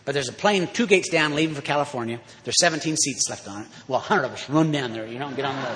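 A man giving a folksy, emphatic recovery talk to an audience, sometimes rising to loud exhortation. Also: mid-range voice, fast talker, hardly any pauses, a little hiss or hum. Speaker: recovery speaker. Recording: hall reverb.

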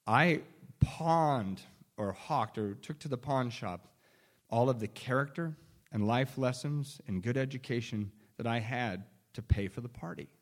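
A man telling a candid personal recovery story in a wry, self-deprecating way, often restarting sentences and chuckling. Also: mid-range voice. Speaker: speaker sharing a recovery story.

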